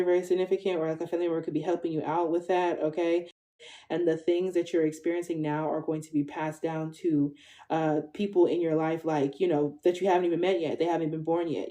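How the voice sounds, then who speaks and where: Chatty and freely profane, this twenty-something woman reads tarot for her viewers in a relaxed way, ending most of her lines with "okay?". She speaks with a fairly low-pitched, mellow voice.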